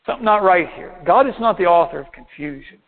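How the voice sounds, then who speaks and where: A man with a high-pitched voice preaches to his congregation as their pastor, reading out verses and explaining each one in turn. He slows down to stress his key points. The sound is thin and tinny, like a phone line. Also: animated, vocal fry. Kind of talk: sermon.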